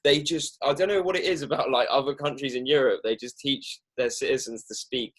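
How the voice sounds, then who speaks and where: A young Englishman with an English accent, hosting a casual podcast chat in an animated way and swearing freely. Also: mid-range voice, a little fast. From England. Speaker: podcast host.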